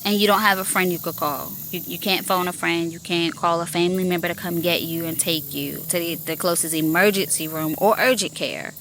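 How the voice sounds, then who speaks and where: A woman's voice: on the low side, fairly even intonation, a little fast, hardly any pauses, a bit bright, a little hiss or hum. A woman hosting a podcast, talking in a casual monologue about her work as a 911 telecommunicator, emphatic and repeating herself as she makes her point.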